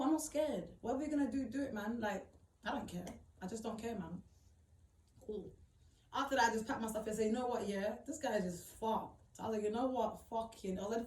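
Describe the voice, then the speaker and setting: A young woman talks through her own story in a high, emotional voice. She is blunt and slangy and swears freely. She sounds set back from the mic, and the room around her echoes. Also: darkish tone. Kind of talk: personal account, casual monologue. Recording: roomy, distant mic.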